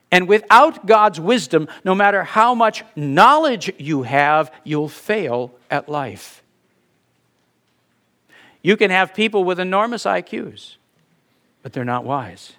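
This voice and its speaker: A man's voice: fairly high pitch, a bit bright. Man preaching in a chatty, anecdotal way. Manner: conversational, anecdotal, laughs at own stories. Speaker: pastor. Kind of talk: sermon.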